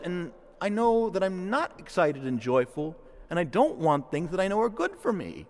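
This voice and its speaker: Animated preacher man in an echoing church. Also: high-pitched, normal speed. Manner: animated, swinging between fervent and hushed prayerful asides. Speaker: priest. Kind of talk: sermon. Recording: long reverb of a church hall.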